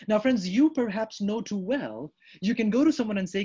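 A man delivering a sermon in a slightly husky voice, lively and theatrical as he acts out the words of the people he describes. The recording is dull and lo-fi. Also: high-pitched, moderate pace. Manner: animated, acts out quoted prayers and replies. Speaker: preacher. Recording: dull lo-fi sound.

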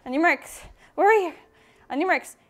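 Very high-voiced playful preschool teacher woman. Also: expressive, normal speed. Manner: playful, cheering kids on while moving along. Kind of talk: leading children in movement games. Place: indoor room with small children.

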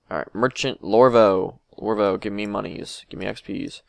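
A young man narrates his game in crude, excitable bursts, swearing at enemies and begging for help. His voice is gravelly yet smooth, set fairly low. It sounds dry and close, with mouse clicks behind. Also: moderate pace, dry recording. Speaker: gamer. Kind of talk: let's play commentary.

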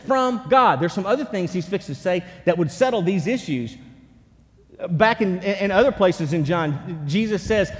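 A man preaching a sermon as pastor, animated, swinging from hushed lines to loud ones. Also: high-pitched, normal speed, in a large hall. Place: church sanctuary.

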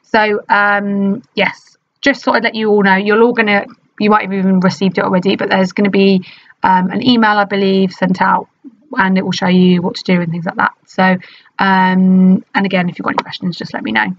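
A woman teacher reading a storybook aloud to her class in an animated, expressive manner. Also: medium pitch, a little fast, muffled recording.

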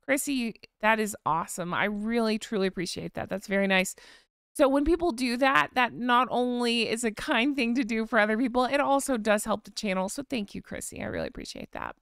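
A woman's voice: on the high side, brisk, creaky, smooth, no room sound, studio quality. A woman hosting a casual live stream, reading out viewer comments and thanking them by name in a chatty way. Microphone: desk microphone.

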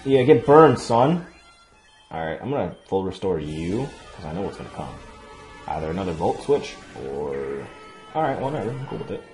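Excitable swearing let's play guy. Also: low-pitched, moderate pace. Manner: excitable, swears a lot, loud outbursts. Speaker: gaming channel host. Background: faint game music.

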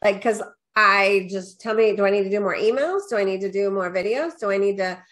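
A middle-aged woman, a guest business coach, telling her story casually in an interview and acting out her own past lines. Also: brisk. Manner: animated storyteller, quotes herself with rising pitch; peppers talk with "right?" and "da, da, da".

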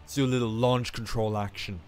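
A young man talks through his gameplay in a casual, chatty way. His voice sits at a middle pitch, and he keeps breaking into excited exclamations and poking fun at himself. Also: a little fast, slight background noise. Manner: excitable, self-mocking, exclaims often. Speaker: gaming YouTuber.

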